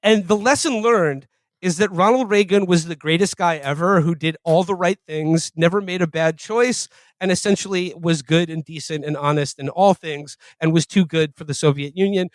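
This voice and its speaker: A man's voice: on the high side, normal speed, no echo. A man co-hosting a comedy podcast, talking in a rambling, mocking way with frequent laughs. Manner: rambling, laughing, mocking mock-Russian impressions. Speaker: podcast co-host. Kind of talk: casual comedic chat.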